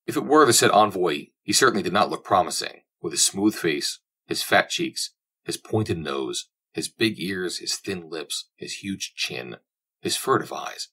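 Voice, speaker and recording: A man narrating a classic novel as an audiobook in measured, descriptive storytelling. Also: low voice, lively intonation, pushed and bright, breathy edge.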